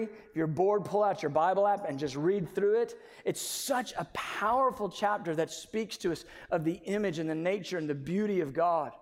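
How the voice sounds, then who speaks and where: A man preaching a passionate sermon, swinging from loud proclamation to hushed storytelling. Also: high-pitched, big-room sound.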